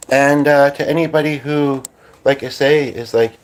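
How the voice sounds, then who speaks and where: A man's voice: mid-range voice, normal speed, a little hiss or hum. Playful chatty man hosting a livestream. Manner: chatty, playful, breaks into little sung bits. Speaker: livestream host. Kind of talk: casual livestream chat.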